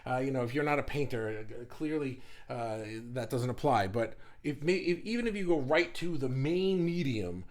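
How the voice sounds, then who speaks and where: A man hosts a live art group stream from his desk, chatting loosely and rambling through fillers and restarts. His voice sits at an ordinary middle pitch, and he greets viewers as they arrive. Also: animated, normal speed, few pauses, darkish tone. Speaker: host of an online art group livestream. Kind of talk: casual livestream chat.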